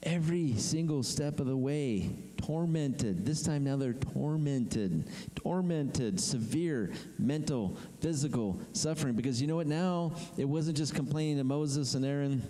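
Male pastor, animated conversational sermon, mellow tone, reverberant hall sound. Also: a little high, measured pace. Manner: animated preaching, acts out complaining voices.

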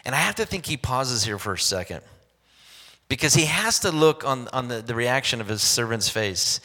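Bright-voiced animated male preacher. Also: medium pitch, normal speed. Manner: animated storytelling with acted-out quotes. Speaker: pastor. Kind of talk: sermon. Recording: long hall reverb.

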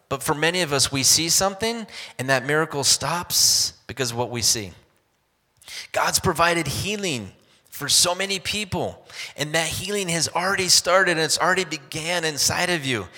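A man preaching a sermon, telling a Bible story in an animated way and acting out the characters' lines. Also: on the high side. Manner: animated storytelling with acted-out quotes. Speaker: pastor. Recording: long hall reverb.

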